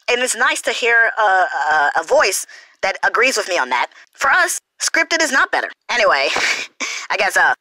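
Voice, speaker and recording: Fast-talking bright-voiced woman, rambling host. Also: mid-range voice, no room sound, poor audio. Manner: rambling, self-correcting, frequent laughs. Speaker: YouTube reaction host. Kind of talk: unscripted response commentary.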